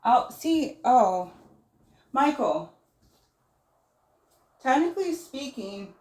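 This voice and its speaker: A woman hosts a relaxed livestream, reading her viewers' messages aloud and pausing to think them over. Her voice sits a little high and she takes her time. The sound carries a noticeable room echo. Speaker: livestream host. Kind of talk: casual livestream chat. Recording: roomy echo.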